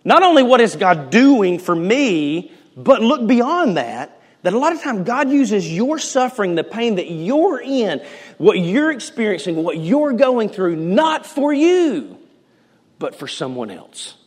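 A male pastor delivers a sermon in a casual, joking way. His voice is a touch higher than most men's, and it rings out with a long reverb through the church. He swings from loud emphasis down to soft near-whispers. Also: sing-song, a little slow, husky.

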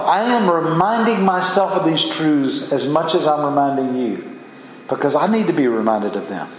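A pastor preaches a sermon in a high-pitched male voice, earnest and emphatic, often climbing into exclamations. He's recorded from a distance in a church sanctuary, so the hall sounds echoey, with slight background noise.

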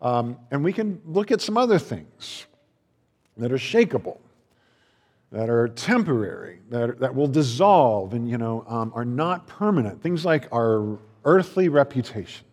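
Preaching unhurriedly, a man uses lively intonation and a darkish, medium-pitched voice. His sermon is conversational, with frequent restarts and playfully acted-out quotes from other people. The recording has the long reverb of a large hall.

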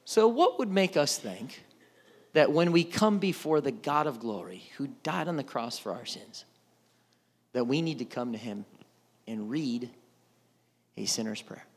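A man's voice: mid-range voice, sing-song, a little slow, long pauses. A male pastor preaching a casual, conversational sermon with jokes and acted-out voices. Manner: conversational, joking, acts out voices.

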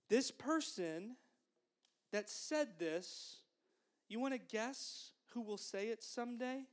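A woman giving a children's sermon, gently encouraging the children and asking them to repeat phrases after her. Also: a little high, lively intonation, slow. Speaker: children's minister.

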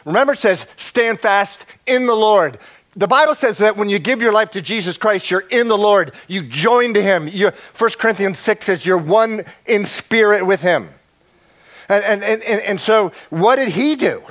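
A pastor preaches with a somewhat high voice. He drops to near-whispers for quiet points, then climbs in pitch and volume as he acts out the prayers he describes. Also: lively intonation, moderate pace. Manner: swings from hushed to shouting, acts out prayers. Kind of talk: sermon.

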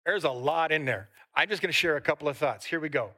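A man preaching a sermon as pastor, talking lively with asides to the congregation and reading scripture aloud. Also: a little high, quick pace, few pauses. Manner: reads a long scripture passage aloud.

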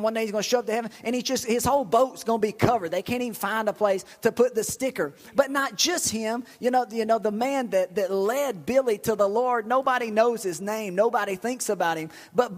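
A middle-aged man preaching a sermon in a church, telling stories with bursts of excitement and repeated words. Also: high voice, long reverb tail. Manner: lively storytelling with shouts and repetitions. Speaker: pastor.

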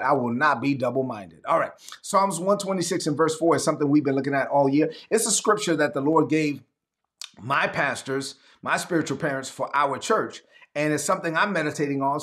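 A man's voice: on the high side, a bit bright. A man preaching a sermon to a livestream audience, reading scripture and acting out Bible scenes in voices. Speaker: pastor.

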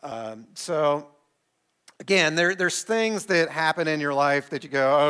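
With a clear, resonant tone, a fairly high pitch, and a slow pace, a middle-aged pastor relates a personal story from the pulpit. His delivery is animated and self-deprecating, complete with acted-out quotes.

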